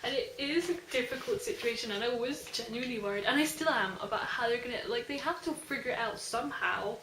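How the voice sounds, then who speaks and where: Young female book vlogger, excitable and chatty, fairly high voice; echoey room with a little background noise. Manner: gushing, fast and animated, heavy use of "like". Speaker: book reviewer. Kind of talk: casual book review chat.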